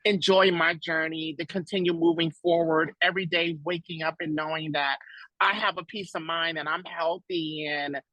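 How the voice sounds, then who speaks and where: A woman in an effusive, emotional chat, her tone bright and ringing and her words tumbling out close to tears. She jumps way up in pitch whenever she quotes someone else. The sound is dry, with no room around her. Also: steady tone, moderate pace, no room sound, poor audio. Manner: effusive, tearful at times, big pitch leaps when quoting others. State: near tears. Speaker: podcast guest.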